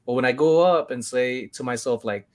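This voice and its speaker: A man hosting a casual chat, telling lively stories and acting out what people said. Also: medium pitch, moderate pace. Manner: animated storyteller, acts out voices. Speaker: podcast host.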